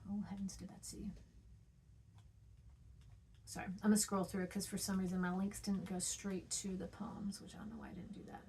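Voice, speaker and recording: A woman's voice: mid-range voice, flat delivery, moderate pace, pauses often, mellow, slight background noise. A woman teaching a poetry lesson, chatty, checking in with "okay?" and "right?", and sounding out rhythms with playful noises.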